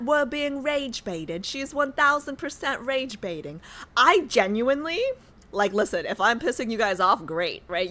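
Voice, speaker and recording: An American woman streaming a game, chatting casually with her viewers in an animated, joking way. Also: medium pitch. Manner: animated, joking, talks to chat. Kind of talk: casual livestream chat.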